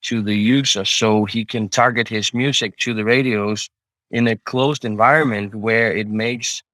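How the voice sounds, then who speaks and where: A man's voice: lowish voice, fairly even intonation, measured pace, sharp tone, no room sound, poor audio. A man talking as an interview guest, a startup founder, hesitant, with many restarts and fillers. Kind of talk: casual interview talk.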